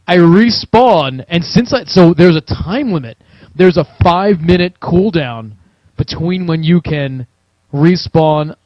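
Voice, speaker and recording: A man with a fairly high voice tells a rambling gaming story to friends, swearing freely and acting out his own reactions. The sound is dry and somewhat dull, like a cheap home recording. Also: creaky, dry recording. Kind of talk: casual storytelling chat.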